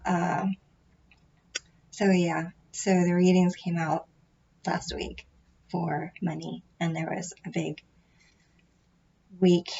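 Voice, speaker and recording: Low breathy woman chatting about her tarot week, rambly, dull lo-fi sound. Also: a little mellow, a little hiss or hum. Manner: rambling, drops into whispers at times. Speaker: tarot reader. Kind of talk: casual chat.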